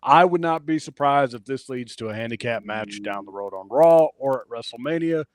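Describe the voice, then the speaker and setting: A man's voice: mid-range voice, lively intonation, normal speed, dry recording. Man animatedly recapping wrestling. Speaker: wrestling podcast co-host. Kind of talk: casual chat.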